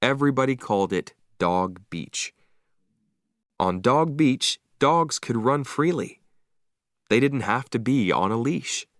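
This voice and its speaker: A man reading a story aloud slowly and clearly for English learners, with expressive delivery. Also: medium pitch, no echo, studio quality. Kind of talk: slow read-aloud story narration.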